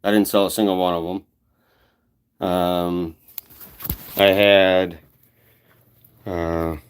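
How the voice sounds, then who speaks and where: Rambling low-voiced man on a livestream. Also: level tone, smooth. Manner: rambling, halting, lots of fillers. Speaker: woodworking channel host. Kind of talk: casual livestream chat. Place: cluttered home office.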